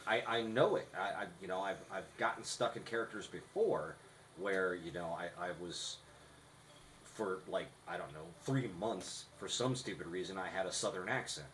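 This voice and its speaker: Low-voiced man teaching acting craft. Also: moderate pace, a bit bright, a little hiss or hum, rough recording. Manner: instructive, restarts often. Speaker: podcast co-host. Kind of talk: casual podcast chat.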